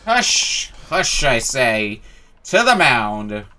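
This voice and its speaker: A man voicing a drunk, brash former baseball ace from a video game, folksy and quick to anger. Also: mid-range voice, sing-song, pushed and bright, full character voice. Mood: blustering. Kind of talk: reading game dialogue aloud.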